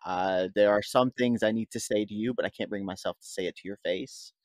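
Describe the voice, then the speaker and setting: A man's voice: lowish voice, a little fast, no room sound. A man playing a tabletop game, speaking an earnest in-character apology. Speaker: player. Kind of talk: tabletop role-play.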